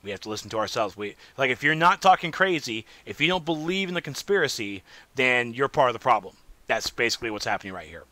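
A man hosting a casual solo gaming podcast, rambling and animated, swinging between loud remarks and muttered asides. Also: mid-range voice, fast, dry recording. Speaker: podcast host.

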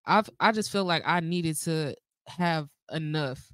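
A woman co-hosting a podcast, talking haltingly and emotionally in a casual heartfelt conversation. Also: low voice, a bit bright, no echo. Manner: halting, emotional, fillers and restarts. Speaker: podcast co-host.

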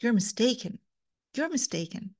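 A woman's voice: a little high, big pitch swings, normal speed, husky, pitched above the performer's own voice. A woman reading aloud as a proud young Swiss-English woman, in earnest, indignant rebuttals.

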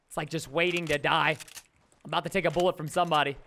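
A man's voice: on the high side, fairly even intonation, quick pace, vocal fry, bright, forceful tone, slight background noise. A young man giving chatty, mock-grumbling commentary while playing a video game. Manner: chatty, mock-grumbling, joking asides to viewers. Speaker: gaming YouTuber. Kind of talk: casual gameplay commentary.

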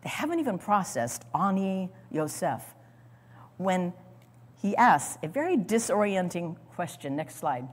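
A woman preaches a sermon to a congregation, her voice sitting at an ordinary middle pitch. She tells the scripture with drama, slowing down and lifting her voice for key words. A long reverb rings around her in the large hall. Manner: expressive, dramatizing scripture with acted quotes; speaks to an audience, calls for slides. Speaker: Bible teacher.

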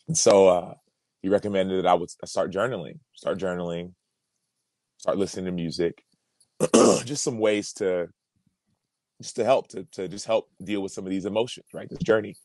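Deep-voiced man telling a personal story. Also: fairly even intonation, moderate pace, pauses often, darkish tone, dry recording. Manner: earnest, reflective, repeats words as he builds. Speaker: podcast guest, former pro football player.

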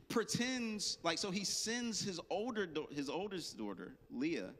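A man's voice: a little high, fairly bright tone. A man preaching a sermon as pastor, casual and joking with slang asides. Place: church. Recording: long hall reverb.

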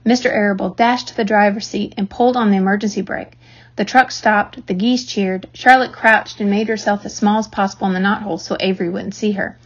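A woman's voice: mid-range voice, a little fast, breathy edge. Woman reading a children's book aloud. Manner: lively, expressive storytelling. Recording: dull lo-fi recording.

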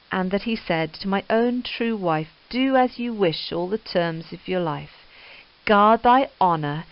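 A woman teaching English literature, reading Middle English verse aloud and explaining it with enthusiastic emphasis. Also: medium pitch. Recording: dull lo-fi recording.

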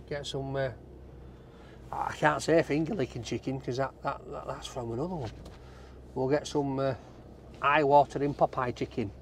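A man's voice: mid-range voice, creaky, slight background noise. Chatty Yorkshire man vlogging from a car. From Barnsley, England. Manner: chatty, jokey, banter with cameraman. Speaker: food reviewer host. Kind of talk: casual vlog chat while driving. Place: inside a car driving through town.

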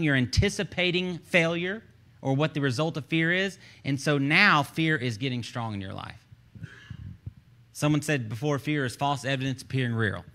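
A Texan man preaching a sermon with a bright, forceful voice. He is a pastor who talks to his congregation like he's chatting with friends, slipping jokes and asides into his points. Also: medium pitch. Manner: animated, joking, conversational preaching. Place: church stage.

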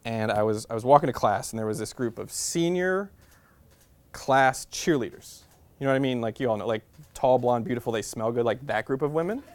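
A man's voice: medium pitch, fairly quick. A man in his thirties giving a humorous, self-deprecating talk as a guest speaker in a university classroom. He is chatty and leans on "like" as a filler. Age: 30s. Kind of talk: humorous personal storytelling talk.

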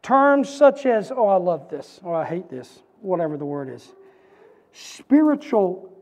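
A man preaching a sermon as pastor, with a repetitive, building cadence that rises to shouts. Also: high-pitched, very animated, measured pace. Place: church sanctuary. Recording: church hall reverb.

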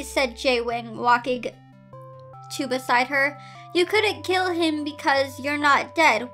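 A woman with a high, bright, clear voice reads a story aloud at an unhurried pace. She keeps stopping to comment in disbelief and laughs at what she reads. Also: soft background music. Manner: incredulous, laughing asides between read lines. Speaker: host reading fan fiction aloud.

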